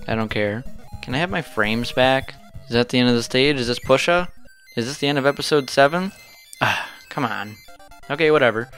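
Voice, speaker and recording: A man's voice: medium pitch, fairly quick, fairly bright tone, clear, resonant tone, soft background music. A young man, hosting a retro gaming channel and swearing at the game in casual, frustrated commentary.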